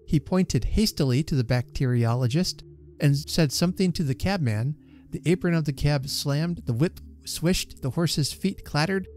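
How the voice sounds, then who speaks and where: Warm-voiced male storyteller. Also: medium pitch. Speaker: reader and channel host. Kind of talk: storytelling reading.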